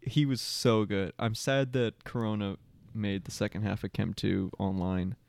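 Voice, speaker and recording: A man's voice: fairly low pitch, fairly even intonation, measured pace, creaky, a little mellow, dry recording. A young man co-hosting a podcast, joking around, playfully stubborn and laughing often. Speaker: podcast co-host. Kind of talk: casual chat.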